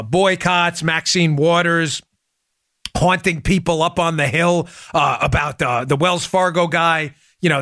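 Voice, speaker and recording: Animated, chatty male podcast host. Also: high-pitched, dry recording, studio quality. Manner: animated, chatty, talks over clips. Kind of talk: political commentary show.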